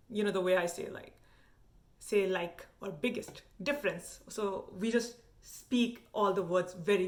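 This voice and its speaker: A young woman from India with a light Indian English accent, giving a frank, animated review vlog full of "like" fillers. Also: medium pitch. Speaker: vlogger reviewing a TV show. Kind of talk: casual opinionated review.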